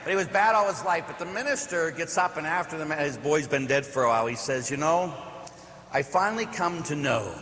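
A man's voice: on the high side, a little fast, a bit bright, slight background noise. A man, a parish priest, giving a homily as conversational storytelling with rhetorical questions and asides. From Pittsburgh area. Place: church. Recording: echoey church hall, faint ambience.

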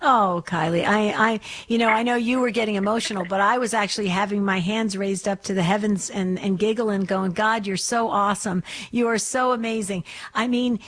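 A woman's voice: mid-range voice, steady tone, normal speed, few pauses, a bit bright. A woman hosting a live call-in radio show, effusive and affirming, with many restarts.

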